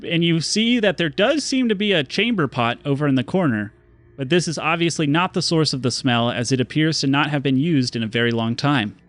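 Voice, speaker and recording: A man's voice: a little high, lively intonation, a little fast, fairly bright tone, no echo, soft background music. A man narrating a tabletop game as game master, descriptive with some hesitant asides.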